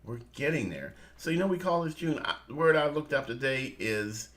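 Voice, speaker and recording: A man co-hosting a casual morning chat, his voice bright and sharp. His pitch rises and falls in lively swings. He laughs often and speaks to his listeners as family. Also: normal speed. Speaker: co-host.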